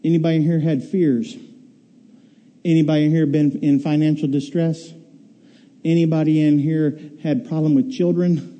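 A man's voice: on the high side, level tone, moderate pace, warm tone. A man preaching a sermon to a congregation, emphatic, repeating key words and firing rhetorical questions. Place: church hall with congregation. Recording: long reverb of a large hall.

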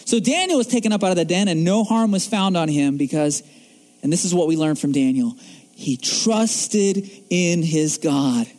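A male pastor delivers a sermon with emphatic phrasing, pressing his listeners with questions. His voice sits very high for a man. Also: animated, normal speed, a little mellow, faint music behind. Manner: emphatic, rhetorical questions to the congregation.

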